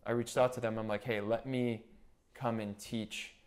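Telling stories in relaxed chat, a young nurse anesthetist on a podcast animatedly quotes and acts out other people's words. His voice sits on the low side and he speaks at a normal speed.

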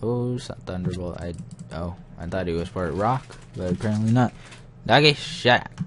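A man's voice: deep voice, moderate pace, a bit bright, a little hiss or hum. A young man muttering to himself as he comments casually on his game, getting easily frustrated. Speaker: gaming channel host.

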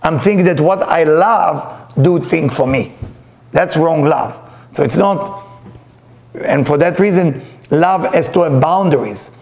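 A middle-aged man lectures as a spiritual teacher, telling personal stories and acting out the voices in them. His English carries non-native grammar. His voice sits a little high and has a gravelly rasp. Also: a little slow, a little mellow. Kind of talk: storytelling lecture.

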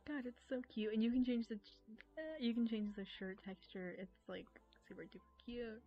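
An American woman with a fairly high voice chats casually while livestreaming a game, giggling, rambling, and quickly poking fun at herself. The stream audio is dull and lo-fi, with faint music underneath.

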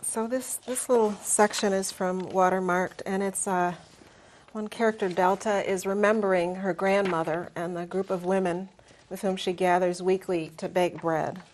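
A woman's voice: fairly low pitch, steady tone, normal speed, darkish tone, slight background noise. A woman novelist who briefly introduces a passage and then reads her fiction steadily.

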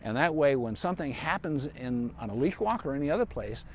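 A man's voice: mid-range voice, lively intonation, a little fast. A man, a veterinarian, giving dog training advice in a casual, rambling live-stream Q&A outdoors in a park. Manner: chatty and rambling, with asides and fillers.

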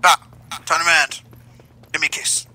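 A man's voice: on the high side, flat delivery, normal speed, pushed and bright. A man in casual gaming chat, joking crudely with his teammates and calling them mate. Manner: crude teasing banter, calls everyone mate. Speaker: gamer streaming with friends.

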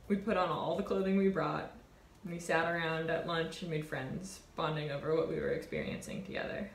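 A woman in her twenties, a college sailor, telling a reflective personal story in an earnest, warm way. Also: low voice, fairly even intonation, fairly quick, roomy sound, a little hiss or hum. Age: 20s. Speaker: college sailor and award winner.

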